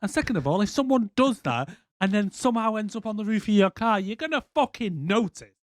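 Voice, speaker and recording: A man's voice: high voice, expressive, a little fast, dry recording, studio quality. A man co-hosting a podcast, ranting in casual, profane chat and slipping into mock voices. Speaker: podcast co-host.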